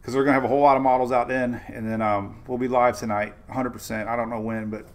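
Guy doing a laid-back weather livestream, talks straight to folks watching, kinda rambly and repeats stuff, average pitch. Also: flat delivery, fast talker. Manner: chatty and informal, repeats himself; talks directly to viewers. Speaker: weather show host. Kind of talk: casual live weather update.

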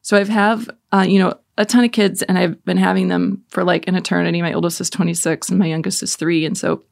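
Gravelly-voiced woman in her forties. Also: fairly low pitch, darkish tone, no room sound, studio quality. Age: 40s. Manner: chatty, laughing storyteller. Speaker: host of a Catholic prayer talk. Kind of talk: casual faith talk with storytelling and prayer.

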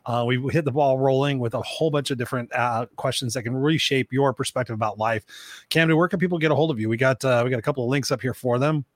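A man's voice: mid-range voice, quick pace, no echo. A man hosting a live motivational talk show, speaking emphatically to his audience and swearing casually. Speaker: podcast host.

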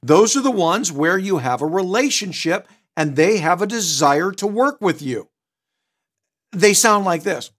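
High-voiced, punchy middle-aged male sales coach. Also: lively intonation, measured pace, fairly bright tone. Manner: direct, emphatic coaching with sudden punchy asides; switches tone to act out customers. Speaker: mortgage sales trainer. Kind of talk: recorded training seminar.

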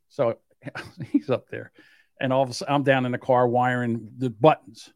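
A middle-aged man co-hosting a casual podcast, telling stories in a lively way and acting out the people in them. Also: medium pitch, normal speed, no echo, studio quality. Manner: animated storyteller, acts out voices and yelps. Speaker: podcast co-host.

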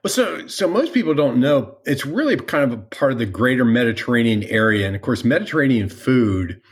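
A man hosting a relaxed interview, his voice sitting at an ordinary middle pitch. He asks friendly, leading questions and chuckles along with his guests. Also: fairly quick. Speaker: interview host. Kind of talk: casual interview chat.

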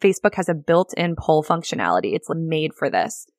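Upbeat woman podcast host with a lower voice, chatty teaching tone, recorded dry and close. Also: big pitch swings, fairly quick, no echo. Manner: chatty, upbeat, frequent "like" and laughs. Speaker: podcast host and real estate agent. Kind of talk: casual solo podcast teaching.

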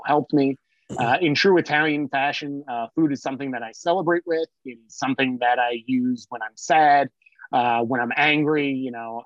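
A man's voice: medium pitch, dry recording, muffled recording. A man from South Jersey, a podcast guest, telling stories in a rambling way full of fillers. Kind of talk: casual storytelling.

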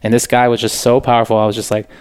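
A young man talking as a guest in a relaxed, earnest way, full of "like" and "you know" fillers. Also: medium pitch, rapid-fire, clean tone. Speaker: podcast guest, author. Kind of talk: casual interview chat.

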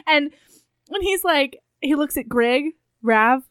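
A woman's voice: high voice, slow, dry recording. Giggly woman recapping a book. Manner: giggly, animated retelling with quoted voices. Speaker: podcast co-host. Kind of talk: casual comedic chat recapping a book.

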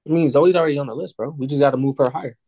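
A man's voice: on the high side, rapid-fire, warm tone, no echo. A man co-hosting a casual film podcast, laid-back and teasing his friends. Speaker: podcast co-host. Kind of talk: casual chat.

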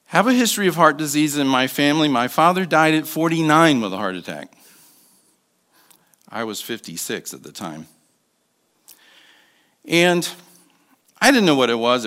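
A man in his sixties preaching as a guest speaker, telling a personal story with soft asides and emphatic bursts. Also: medium pitch. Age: 60s. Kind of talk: sermon.

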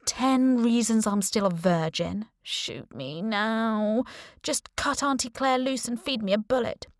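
A woman's voice: fairly high pitch, unhurried, no echo, voice pushed up, natural voice. A smug spy boss who talks down to everyone, mocking and cool, voiced plainly by a woman reading an audiobook. The delivery is dry and close, with no room sound around it. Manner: mocking, condescending.

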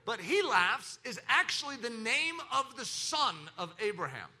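A man preaching a sermon, swinging between loud exclaiming and hushed lines, with acted laughter and quoted voices. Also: very high voice, very animated, a little slow. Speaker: pastor.

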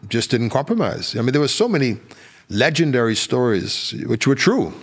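A man's voice: medium pitch, very animated, normal speed, husky. An older man from the Bahamas with a Bahamian accent, telling anecdotes as a podcast guest, full of fillers and restarts. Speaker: guest, former politician. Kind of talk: podcast interview storytelling.

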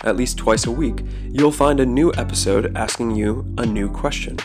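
A man hosting a solo podcast, speaking in a calm, reflective way and posing rhetorical questions to the listener. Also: medium pitch, normal speed, over music. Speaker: podcast host.

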